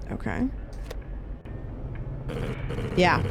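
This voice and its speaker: A woman streamer giving live gameplay commentary, chatty and thinking aloud with quick reactions. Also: a little high, wildly swooping pitch, gravelly, a little hiss or hum. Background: game music.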